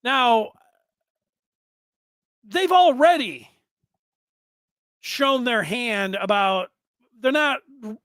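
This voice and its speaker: A man's voice: very high-pitched, animated, extremely slow, pauses often, fairly bright tone, smooth, dry recording. A man in his fifties hosting a sports podcast, talking in a rambling, conversational way with asides and restarts. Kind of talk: casual sports podcast commentary.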